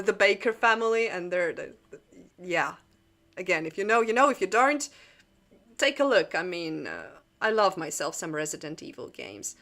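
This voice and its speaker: A woman's voice: on the low side, bright, forceful tone. A young woman hosting a casual livestream chat, rambling with jokey asides and frequent laughs. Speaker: channel host.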